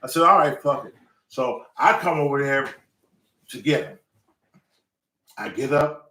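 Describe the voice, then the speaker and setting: Recorded in a roomy space away from the mic, a man with a medium-pitched voice speaks unhurriedly as host of his own show. In a casual monologue he spins a long story, ranting animatedly and swearing constantly.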